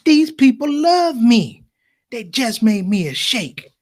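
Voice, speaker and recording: A man's voice: extremely high pitch, big pitch swings, slow pace, a bit bright, voice pushed up, exaggerated voice. A man doing a smug, self-important convert. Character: self-important young convert, pleased with himself.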